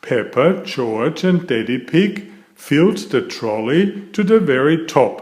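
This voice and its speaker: Slow, expressive man reading a children's book. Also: medium pitch. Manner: slow, expressive read-aloud delivery. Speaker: storybook reader. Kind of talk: children's story read aloud.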